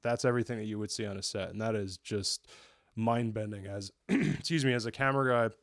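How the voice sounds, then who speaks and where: Here a young man from the New York area casually and excitedly reviews a show, rambling and self-correcting with frequent sentence restarts. His voice is on the low side and a little fast, recorded in a clean studio with no room sound.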